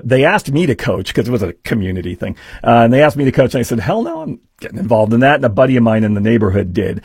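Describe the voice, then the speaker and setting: A man's voice: medium pitch, a little mellow, breathy edge, no echo. A man hosting a talk radio show, telling a rambling story full of fillers into a studio microphone. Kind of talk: casual talk radio monologue.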